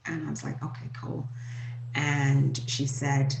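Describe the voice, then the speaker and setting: A woman in her forties, hosting her own show, telling a painful personal story in a halting, emotional way with many fillers. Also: low voice, fairly even intonation, a little mellow, a little hiss or hum. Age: 40s. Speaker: host. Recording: echoey room.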